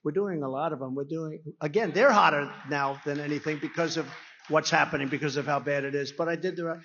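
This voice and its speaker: A man delivers a meandering, conversational campaign rally speech at a podium microphone, often slipping into acted-out dialogue. His voice sits notably high for a man. The recording is slightly dull and muffled. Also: fast, bright, forceful tone, slight background noise. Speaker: political speaker at a rally. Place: rally venue.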